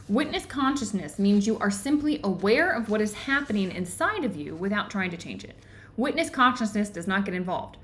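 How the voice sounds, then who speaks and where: A woman hosting an online book club, explaining ideas earnestly and often pausing to check in with her listeners. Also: medium pitch, a little hiss or hum. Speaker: book club host and teacher. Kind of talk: live online book discussion.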